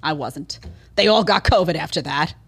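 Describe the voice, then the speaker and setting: A woman's voice: sits low, normal speed, breathy edge. A woman from New York hosting a podcast, giving opinionated, sarcastic commentary. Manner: sarcastic, animated, mocking impressions. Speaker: podcast host.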